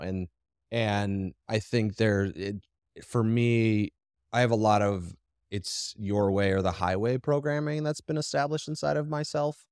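Low-voiced man chatting candidly. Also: fairly even intonation, measured pace, a little mellow, clean tone, no room sound, clean studio sound. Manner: direct, rambling with restarts. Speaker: podcast co-host. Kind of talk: casual conversation.

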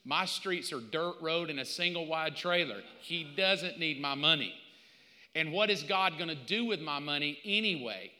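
A male pastor preaches a sermon in a hall with a long echo. His voice is bright and forceful, set a little high. He tells stories with animated, playful mock quotes. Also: moderate pace.

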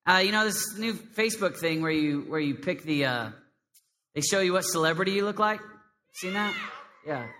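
A man preaching a lively sermon to a young congregation, with a high, squeaky voice, swinging between loud emphasis and hushed prayer. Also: normal speed, slight background noise. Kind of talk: live sermon to a youth congregation. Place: large hall with a live crowd. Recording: long hall reverb.

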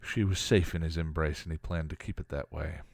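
A man reading a piece of fan fiction aloud in a steady storytelling manner. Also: extremely low pitch, fairly quick, vocal fry, no room sound, studio quality. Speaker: story reader.

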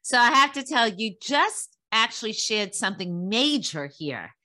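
A woman's voice: on the high side, big pitch swings, a little slow, bright, forceful tone. Effusive woman podcast host. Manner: effusive and praising. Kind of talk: casual interview.

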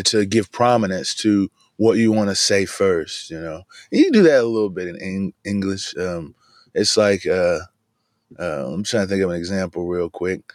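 A relaxed man with a fairly low voice talks through a Bible story for his podcast. He records from inside his van, and the sound is close and dry with no room echo. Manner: relaxed and chatty, says "man" often. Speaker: podcast host. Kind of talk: casual devotional bible talk. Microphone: video camera in a van.

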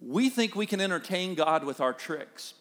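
A man's voice: sits high, animated, normal speed, a bit bright. A male pastor preaching a sermon in an earnest, conversational way, telling stories and talking directly to the congregation. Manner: storytelling, acts out a child's voice and quoted speech.

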